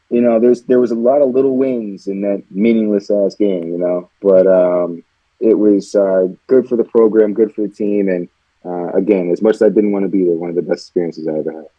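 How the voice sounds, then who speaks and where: A man who played college football, guest on a radio show, reflecting in relaxed casual talk with many fillers. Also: lowish voice, a little fast, no echo, dull audio. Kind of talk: casual interview chat.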